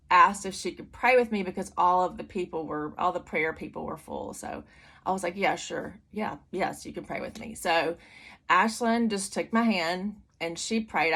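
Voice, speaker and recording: Middle-aged woman, church testimony, candid chatty delivery, somewhat low voice. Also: fairly bright tone. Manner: candid and conversational, many fillers and restarts. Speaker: testimony speaker. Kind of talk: personal testimony to a church audience.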